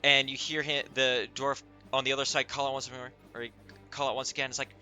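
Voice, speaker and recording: A man narrating a tabletop game as game master, halting often with filler sounds as he goes. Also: medium pitch, flat delivery, sharp tone, faint music behind.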